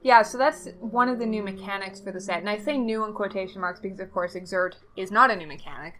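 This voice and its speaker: A woman's voice: medium pitch, quick pace, a bit bright, slight background noise. A woman podcast co-host in casual chat, explaining points and pushing back in friendly debate. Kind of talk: casual podcast chat about a card game.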